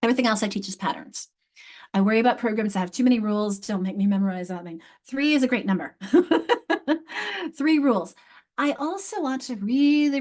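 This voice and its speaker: A woman's voice: medium pitch, darkish tone. A middle-aged woman leading a live online teacher workshop on a video call mic, explaining with emphasis and repeating key words. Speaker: literacy instructor leading teacher training.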